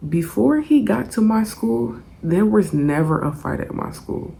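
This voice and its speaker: A young woman telling a story in a casual storytime vlog, animated and profane, laughing often. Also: medium pitch, a little slow, vocal fry.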